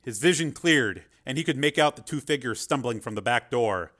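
A man reading a story aloud in a measured, expressive way. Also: medium pitch. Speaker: audiobook narrator. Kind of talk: scripted narration.

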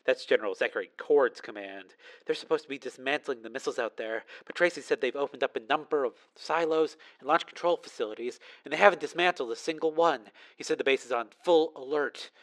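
A man's voice: medium pitch, a little fast, a bit bright, close to an everyday voice, poor audio. A man voicing a female news reporter who speaks with fierce, insistent urgency. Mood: urgent.

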